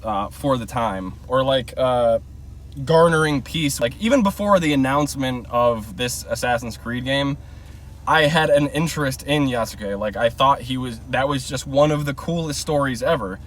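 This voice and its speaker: A man's voice: mid-range voice, expressive, moderate pace, distant mic. A man vlogging from inside a car, giving a blunt, rambling opinion rant full of filler words.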